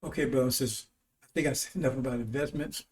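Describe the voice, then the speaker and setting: Speaking rapid-fire in a mid-range, darkish voice with fairly even intonation, a broadcast preacher gives a rambling, informal sermon. He frequently checks in with his audience using "See?" and "Right?". The sound is roomy and echoing, with him positioned far from the mic.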